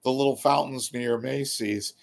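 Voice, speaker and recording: A man impersonating a scattered male street reporter with a gravelly, breathless delivery. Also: medium pitch, fairly even intonation, moderate pace, lightly acted.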